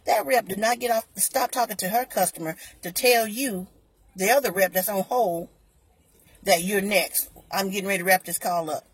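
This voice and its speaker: A woman on her own vlog telling a customer service story in an animated way, acting out both sides of each exchange. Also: medium pitch, moderate pace, husky. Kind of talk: storytime vlog, recounting an argument.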